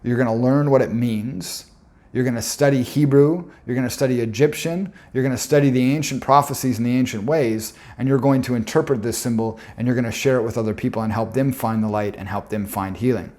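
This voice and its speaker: A man's voice: medium pitch, a little fast, a little mellow, lightly acted. A man voicing a serene motherly plant spirit. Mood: commanding. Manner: solemn, preaching repetition.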